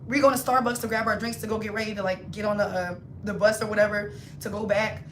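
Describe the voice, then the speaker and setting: A woman livestreaming a casual storytime, animated and slangy, acting out her friends' voices as she talks. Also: mid-range voice, fast, reverberant, a little hiss or hum. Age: adult, not in her twenties. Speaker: hairstylist livestreamer.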